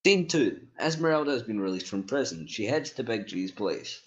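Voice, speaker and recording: A man's voice: on the low side, very animated, moderate pace, highs cut off. A man reading a group-written story aloud in a laid-back, crude way, stopping to fix mistakes. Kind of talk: casual read-aloud storytelling.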